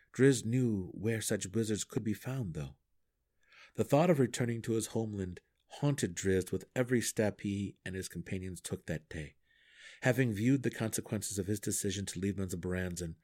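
A man reading a fantasy novel aloud for a podcast with dramatic, animated storytelling. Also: on the low side. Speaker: audiobook podcast reader.

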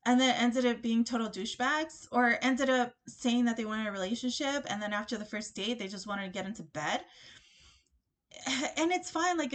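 Animated young woman telling a story. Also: a little high. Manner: animated, lots of "like" and quoted dialogue. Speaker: podcast host. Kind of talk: casual storytelling monologue. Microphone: desk microphone.

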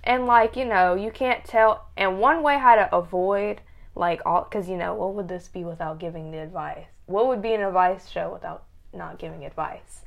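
A woman's voice: fairly low pitch, normal speed, creaky. A young woman hosting a casual advice show, rambling with frequent restarts. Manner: rambling, restarts, laughs easily. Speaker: host.

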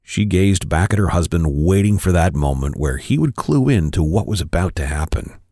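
A man, a podcast co-host, reading an erotic story aloud with expressive, varied delivery. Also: low voice, normal speed, dry recording, clean studio sound.

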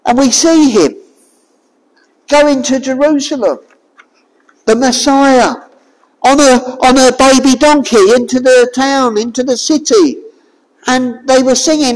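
Lady preacher, slow and deliberate, long echo like a church hall. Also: high voice. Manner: expressive, rhetorical questions to the congregation. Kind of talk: sermon.

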